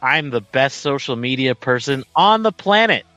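A man's voice: mid-range voice, lively intonation, normal speed, pushed and bright, no room sound, faint music behind. A man co-hosting a wrestling radio show, dryly plugging his social media in a rambling way. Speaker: co-host. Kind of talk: casual wrestling radio banter.

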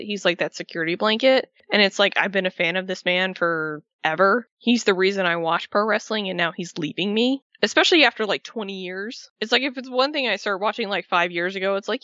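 A woman chatting casually as a wrestling podcast co-host, emotional and animated, with a swear here and there. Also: mid-range voice, a little fast, no room sound. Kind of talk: casual fan chat. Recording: dull lo-fi sound.

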